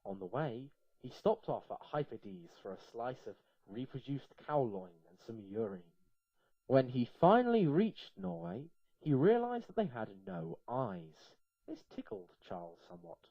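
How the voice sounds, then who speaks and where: A man reading a comic story aloud in a playful, lively way. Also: mid-range voice, normal speed, hardly any pauses, slightly rough, no room sound, highs cut off.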